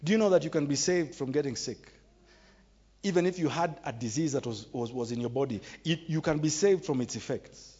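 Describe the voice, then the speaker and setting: A man's voice: on the high side, fairly quick, warm tone, husky. A man preaching a sermon with emphatic, repetitive, exclamatory delivery. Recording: dull recording in a reverberant hall.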